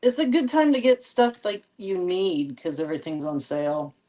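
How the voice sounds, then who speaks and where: A woman co-hosting a casual live podcast chat, gently teasing and giving advice. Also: fairly low pitch, sing-song, moderate pace, poor audio. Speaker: podcast co-host.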